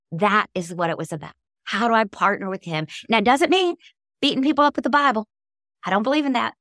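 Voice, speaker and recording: A woman's voice: medium pitch, fairly bright tone, dry recording, studio quality. A middle-aged woman, a guest author, telling heartfelt faith-based stories in an interview with an earnest, emotional manner.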